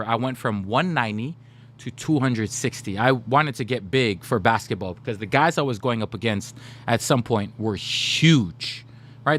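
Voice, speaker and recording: A man in his thirties tells stories to his stream chat, animated and quick to laugh. His voice sits at an ordinary pitch. A faint hiss and hum run under the recording. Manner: animated, laughing, slips into put-on voices for quoted people. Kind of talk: casual storytelling to stream chat.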